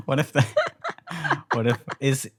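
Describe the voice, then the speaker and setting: A man's voice: mid-range voice, sing-song, slow, gravelly, slightly rough. A man co-hosting a podcast, talking in a rambling, giggly way with frequent swearing. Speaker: podcast co-host. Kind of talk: casual comedic chat.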